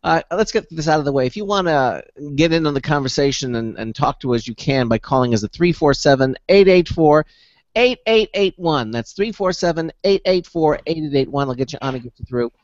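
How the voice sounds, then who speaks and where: A man's voice: fairly high pitch, lively intonation, brisk, no echo. A man hosting a talk radio show, chatting loosely and restarting his sentences. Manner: rambling, with repeated restarts. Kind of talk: casual radio chat. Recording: muffled radio broadcast audio.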